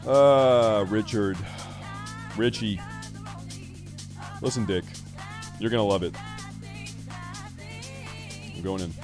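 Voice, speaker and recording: Streamer, young man, loud and jokey, rambling, swears freely, faint game music underneath. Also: lowish voice, takes it slowly, long pauses. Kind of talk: casual live-stream chat while gaming.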